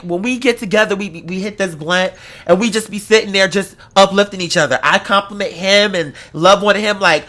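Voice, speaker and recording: A man giving a comic monologue, slangy and profane, building into loud, emphatic praise. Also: sits high.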